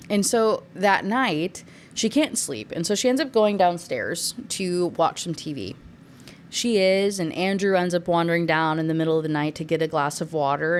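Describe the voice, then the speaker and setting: A young woman talks through a book plot in a loose, conversational way, with sarcastic asides. Her voice sits a little low, and she slips into the characters' lines as she goes. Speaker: book reviewer. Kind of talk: casual spoiler recap.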